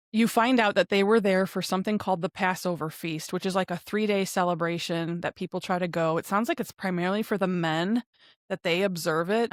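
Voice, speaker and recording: A woman's voice: medium pitch, dry recording, studio quality. A woman co-hosting a podcast, casually recapping a TV episode in a chatty way, acting out quoted lines as she retells scenes. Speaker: podcast co-host.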